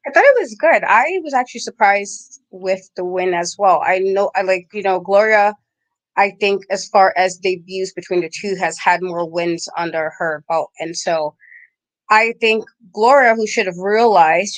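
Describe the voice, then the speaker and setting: A woman's voice: medium pitch, dry recording. A woman co-hosting a podcast, talking through wrestling storylines in a rambling, thinking-aloud way with lots of fillers. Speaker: podcast co-host. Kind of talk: casual wrestling discussion.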